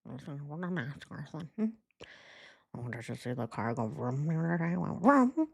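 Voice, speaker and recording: A woman putting on the voice of a plain-spoken older father, talking low and quiet with a drawl. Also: sing-song, moderate pace, gravelly, slightly rough, exaggerated voice. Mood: gruff.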